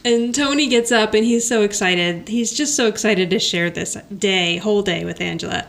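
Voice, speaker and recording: A woman's voice: mid-range voice, moderate pace, creaky, fairly bright tone. A woman co-hosting a podcast, chatting casually as she recaps a sitcom episode, laughing often and acting out the characters' lines. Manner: chatty, giggly, acts out lines from the show. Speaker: podcast co-host.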